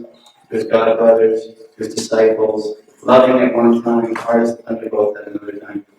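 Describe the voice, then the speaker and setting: Man, anecdotal storytelling, chuckling, very echoey hall, distant mic, noisy recording. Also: medium pitch. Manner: relaxed storytelling, chuckling often. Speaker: speaker at a memorial gathering. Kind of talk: anecdotal remembrance.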